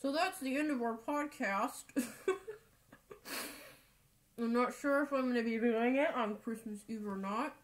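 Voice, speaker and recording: Slow-talking, chatty woman podcast host. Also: a little high, fairly even intonation. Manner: chatty, laughs often. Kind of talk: casual chat.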